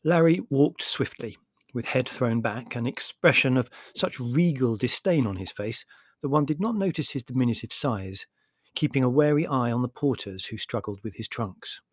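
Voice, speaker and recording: Male audiobook narrator, mid pitch, expressive and measured, dry close recording. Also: dry recording. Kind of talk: scripted narration.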